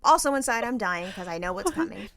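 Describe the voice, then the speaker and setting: A woman co-hosting a podcast tells a story in casual chat, animatedly acting out the voices of the people she quotes. She talks fast in a fairly high voice.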